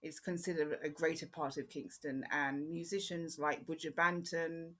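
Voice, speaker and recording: A woman's voice: low voice, steady tone, fairly bright tone. Chatty Jamaican-born woman with an English accent. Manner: chatty, rambling, frequent "um" pauses. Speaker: podcast host. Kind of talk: casual solo podcast chat.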